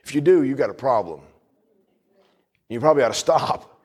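A male pastor preaching a sermon with fervent emphasis. He reads scripture slowly and solemnly, breaks into folksy humorous asides, and keeps asking the congregation "Amen?". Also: mid-range voice, lively intonation, a little mellow, husky. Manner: reads scripture aloud in a slow, solemn cadence.

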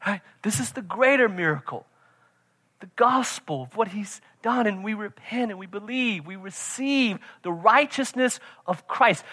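A man preaching a sermon as pastor, emphatic, swinging from shouts to quiet intensity and often checking in with "right?". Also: sits high, animated, a little slow. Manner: emphatic, repeats "right?" to the congregation.

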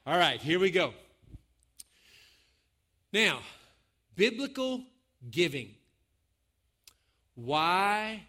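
A man's voice: high-pitched, sharp tone. A man preaching a sermon in a folksy, joking way, speaking to his congregation. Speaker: pastor.

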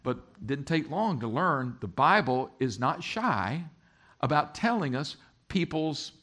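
A man as pastor giving a sermon, talking lively and joking with his congregation. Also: fairly high pitch, measured pace.

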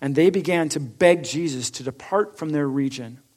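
Man preaching a sermon, slightly high voice. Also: normal speed, darkish tone. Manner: reads scripture aloud with rising force, then explains in a lower, conversational tone. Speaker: pastor.

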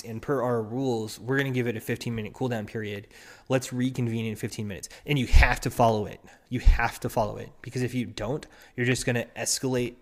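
A man hosting a solo podcast, talking casually with many restarts and acting out quoted partners. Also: mid-range voice. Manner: rambling, restarts often, acts out quoted partners. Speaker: podcast host.

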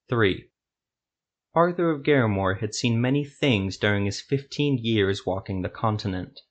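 A man with a fairly low voice reads a dark fantasy story aloud. His scripted narration is steady and measured, even through the violent passages.

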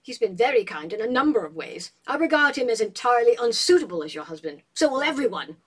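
A woman's voice: on the high side, big pitch swings, quick pace, husky. A woman voicing a stern, disapproving aristocratic mother who speaks in a prim, reproving way.

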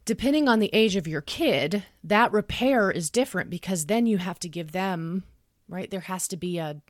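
A woman in her thirties talking in a podcast, explaining calmly and earnestly and acting out what she would say to her child. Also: on the low side, moderate pace, no echo, clean studio sound. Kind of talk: conversational podcast talk.

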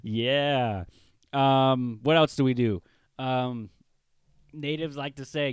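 A young man from Washington state hosts his own podcast alone, rambling in an easygoing, slangy way. His voice is smooth and clean, and the recording is dry and close. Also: mid-range voice, slow, long pauses, no echo. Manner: laid-back, rambling, says bro and dude. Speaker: podcast host. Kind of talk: casual solo podcast monologue.

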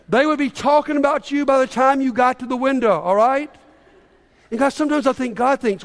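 In a church sanctuary, a pastor preaches a casual, conversational sermon, sometimes acting out the voices of people he quotes. His very high voice is animated and moderately paced. The recording has the reverb of a church hall.

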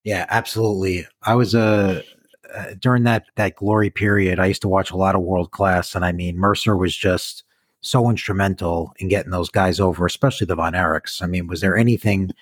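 Deep, husky man in easygoing chat. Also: fairly even intonation, brisk, no room sound, studio quality. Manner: agreeable, easygoing reminiscing. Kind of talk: casual chat.

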